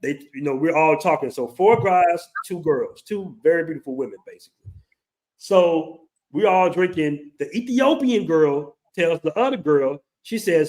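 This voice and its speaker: Host, man, 40s, slightly high voice, lively casual storyteller who swears. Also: brisk. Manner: animated, acts out quoted voices, swears casually.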